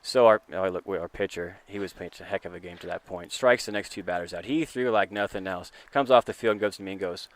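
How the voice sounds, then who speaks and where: A middle-aged man, a podcast co-host, telling a story in casual chat and acting out the quotes with a lively, profane rant. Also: low voice, fast talker, hardly any pauses. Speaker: podcast co-host, assistant youth baseball coach.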